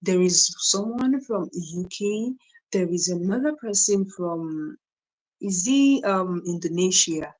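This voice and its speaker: A young Nigerian woman hosts a casual live stream, greeting viewers by name, reading their comments, and often checking in with "right?" and "you know". Her lowish voice has a lively intonation and a slow delivery, and the recording is rough.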